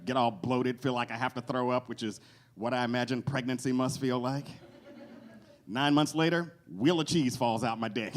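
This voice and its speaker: A man doing a stand-up comedy set in a cafe, animated, jumping into loud character voices. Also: mid-range voice, moderate pace. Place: cafe stage with live audience.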